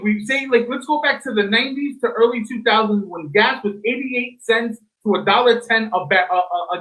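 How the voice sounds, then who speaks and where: A man on a discussion panel who argues loudly and emphatically, swearing as he makes his points. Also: extremely high pitch, low-quality recording. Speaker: panel guest. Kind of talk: heated panel debate.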